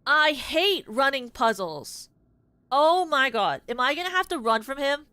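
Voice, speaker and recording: A young woman streaming a game and reacting live, swearing often and breaking into sudden loud outbursts. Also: high-pitched, big pitch swings, unhurried, dry recording. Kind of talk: live gameplay commentary.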